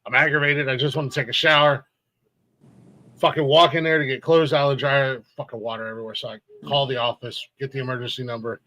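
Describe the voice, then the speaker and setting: A man's voice: mid-range voice, fairly even intonation, fast talker, bright, forceful tone, low-quality recording. A middle-aged man, co-hosting a casual podcast and telling heated, profane stories with bursts of laughter. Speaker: podcast co-host. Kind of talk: casual chat.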